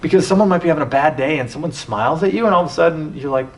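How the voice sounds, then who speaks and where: A man hosting a podcast, telling stories in a rambling, animated way with many restarts. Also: a little high, very fast. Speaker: podcast host. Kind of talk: casual conversation. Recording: distant mic with faint background noise.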